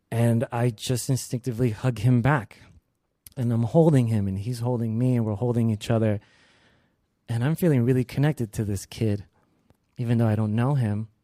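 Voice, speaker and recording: A young man telling a personal story on stage, lively and acting out the quoted lines. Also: medium pitch, no room sound, studio quality. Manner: animated, acts out quoted lines.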